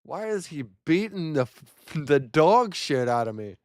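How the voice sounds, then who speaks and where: Cursing young gamer, higher voice. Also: male voice, sing-song, a little slow, no room sound. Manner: profane, talks to himself, bursts into loud exclamations. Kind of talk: live gameplay commentary.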